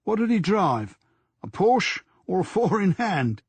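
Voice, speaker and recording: A man playing a sarcastic inspector who keeps mocking the case. His husky voice goes up as he teases. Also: sits high, big pitch swings, measured pace, dry recording, pitched above the performer's own voice, heavily acted. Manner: teasing, sarcastic.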